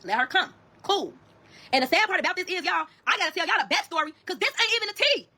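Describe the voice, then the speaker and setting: A woman's voice: very high-pitched, animated, quick pace, bright, forceful tone. A woman telling her own story on a phone livestream, profane and emphatic, constantly calling out to her viewers. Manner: profane, emphatic, keeps addressing viewers as y'all. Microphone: phone camera on a livestream.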